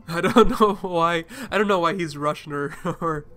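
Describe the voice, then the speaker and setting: A man's voice: fairly high pitch, normal speed, fairly bright tone. A man streaming a dating game, reading the narration aloud and making joking, self-deprecating remarks. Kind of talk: let's play reading and commentary.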